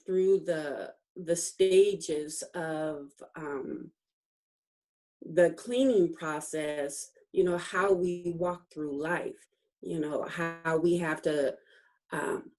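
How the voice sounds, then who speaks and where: A middle-aged woman, a guest author, telling a personal story in a casual interview, acting out the dialogue and laughing often as she remembers. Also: fairly low pitch. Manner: animated storytelling, acts out quoted dialogue; laughs often while recalling.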